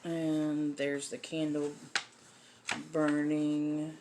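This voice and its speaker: A woman hosts a relaxed livestream lesson on household magic, her voice sitting a little low. She talks slowly and chattily, filling pauses with frequent "um"s as she goes. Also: noisy background. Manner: chatty, many um fillers. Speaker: host teaching folk magic.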